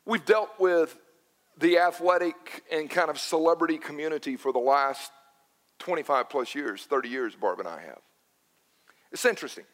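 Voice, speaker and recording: Middle-aged male pastor, high-pitched, emphatic and repetitive delivery, long hall reverb. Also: moderate pace. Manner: emphatic, repeats words, animated preaching. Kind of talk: sermon.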